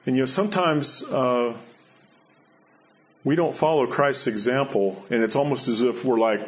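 In a dull lo-fi recording, a male preacher with a mid-range voice and moderate pace preaches earnestly, returning to key phrases and letting his pitch climb and drop to stress points.

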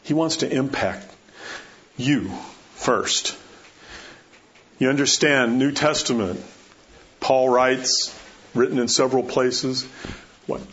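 A man's voice: medium pitch, slow pace, pauses often, a bit bright. A man pastor preaching a sermon, emphatic and storytelling, repeating rhetorical questions. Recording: dull lo-fi recording.

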